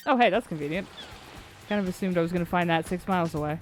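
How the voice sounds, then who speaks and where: A woman's voice: lowish voice, quick pace, soft background music. A woman streaming a video game, chatting casually and wryly as she plays and reads aloud. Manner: chatty, wry, swears casually. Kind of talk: casual gameplay commentary.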